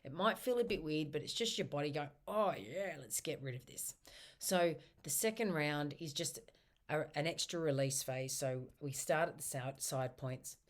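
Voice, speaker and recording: A woman practitioner giving gentle self-help instruction, guiding a tapping round and slowly repeating its phrases. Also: deep voice.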